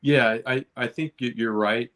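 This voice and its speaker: A man's voice: medium pitch, steady tone, measured pace, a bit bright. A man joining a casual live chat from home, easygoing and agreeable.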